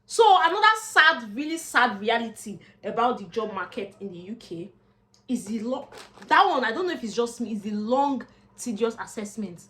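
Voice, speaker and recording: Her voice is on the high side at a moderate pace. She's a young Nigerian-accented vlogger and job seeker who chats casually to camera, expressive and given to Pidgin asides.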